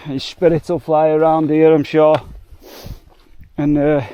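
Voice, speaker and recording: A man's voice: fairly high pitch, little pitch movement, a little slow, muffled recording. A man, talking reflectively and from the heart while walking in the mountains. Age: 40s. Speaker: hiking vlogger. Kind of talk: emotional hiking vlog. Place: outdoors in mountains by a lake.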